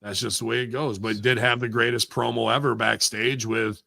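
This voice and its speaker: A man's voice: medium pitch, little pitch movement, moderate pace, creaky, sharp tone, no room sound, studio quality. A man in casual chat, ranting animatedly and swearing often. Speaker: wrestling podcast guest.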